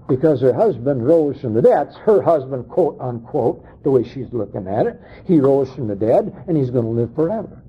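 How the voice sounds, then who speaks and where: A man preaching a sermon, dramatic, acting out quoted voices with sharp swings in pitch and pace. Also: big pitch swings, normal speed, slightly rough. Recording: dull lo-fi sound.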